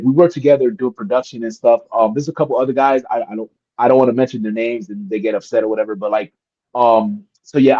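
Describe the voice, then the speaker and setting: An animated man telling stories as a guest, his voice jumping in pitch as he acts out other people. The sound is dry and a bit dull, like a remote call. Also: no echo. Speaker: guest wrestler. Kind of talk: casual storytelling interview.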